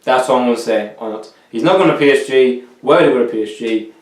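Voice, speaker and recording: A man's voice: medium pitch, fast talker, echoey room, recorded from a distance. A man chatting casually to viewers about football transfers, joking as he goes. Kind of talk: casual football commentary vlog. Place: room cooled by two big fans.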